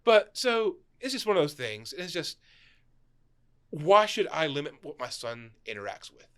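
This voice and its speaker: Male shop owner, young adult, animated guest with a bright, fairly high voice, keeps asking "right?". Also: normal speed. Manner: animated, tags sentences with "right?"; laughs while telling stories. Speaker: store owner, podcast guest. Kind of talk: casual storytelling chat.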